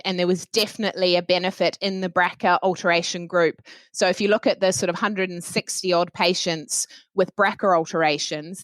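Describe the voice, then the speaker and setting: New Zealand woman, frank and measured. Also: fairly low pitch, fairly bright tone, dry recording. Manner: frank and measured, careful with drug names. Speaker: oncologist. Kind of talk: roundtable discussion.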